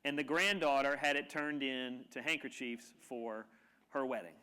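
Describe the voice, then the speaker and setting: A man giving a humorous, animated storytelling talk to a live audience in a lecture room. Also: medium pitch, normal speed, clean tone. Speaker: keynote speaker.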